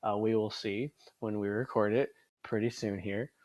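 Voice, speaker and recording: A man's voice: lowish voice, steady tone, moderate pace, darkish tone, dry recording. A man in his twenties hosting a casual podcast chat, rambling, swearing often and laughing a lot. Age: 20s. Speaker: podcast host.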